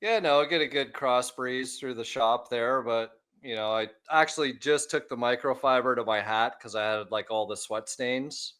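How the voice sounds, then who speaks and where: Male shop owner on a podcast: relaxed, rambling chat, some cursing. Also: mid-range voice, normal speed, few pauses, clear, resonant tone. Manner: rambling, laid-back, swears. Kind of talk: casual chat.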